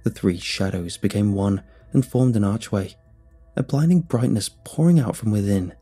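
A man narrates a first-person horror story with dramatic, suspenseful pacing. His voice is low, mellow and very husky, almost breathy. Soft music plays faintly behind him. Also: expressive, moderate pace.

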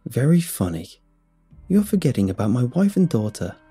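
A man's voice: medium pitch, very animated, warm tone, breathy edge, soft background music, pitched above the performer's own voice. A man doing a cool, menacing government agent. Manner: cool, measured, threatening.

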